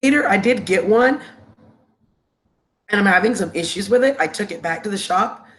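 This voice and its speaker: Congested, sniffling, and coughing, a woman hosts a casual live stream through a laptop microphone, greeting viewers with terms of endearment. Her voice is medium-pitched and animated at a normal speed.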